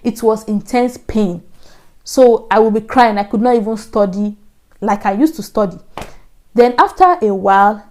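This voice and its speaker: Nigerian woman telling her story, mellow voice. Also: mid-range voice, moderate pace. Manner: earnest storytelling, acts out her own past thoughts in soft asides. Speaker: vlogger. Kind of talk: casual storytelling to camera.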